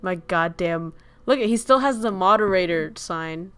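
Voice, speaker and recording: A woman's voice: lowish voice, expressive, a little slow, fairly bright tone, clear, resonant tone. A woman hosting a casual chat stream, joking and rambling, laughing often and swearing casually. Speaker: streamer host.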